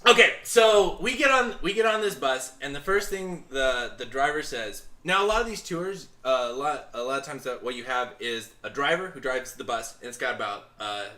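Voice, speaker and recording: Podcast co-host, male, hesitant storyteller with a bright voice in a roomy space. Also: mid-range voice, moderate pace, hardly any pauses. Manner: animated, hesitant, many fillers. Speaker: podcast co-host back from travel. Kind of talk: casual storytelling chat. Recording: echoey room.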